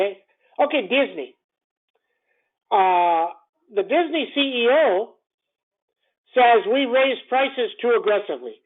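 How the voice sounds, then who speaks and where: A man's voice: very high-pitched, animated, slow pace, long pauses. Blunt man on a tinny line. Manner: blunt, repeats phrases, rhetorical questions. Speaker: stock trading commentator. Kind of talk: morning market call. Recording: tinny phone-line sound.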